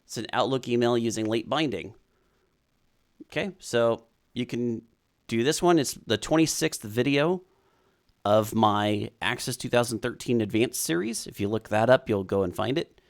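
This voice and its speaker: A man hosting a casual live stream, chatting and reading viewer comments aloud as he thinks out loud. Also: mid-range voice, lively intonation, normal speed.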